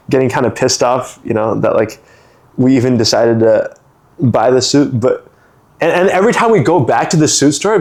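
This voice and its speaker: A man's voice: medium pitch, darkish tone. Rambling storyteller man, full of fillers. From San Francisco. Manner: rambling, many "like" fillers, acts out other people's lines. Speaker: storytelling guest. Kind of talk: casual storytelling.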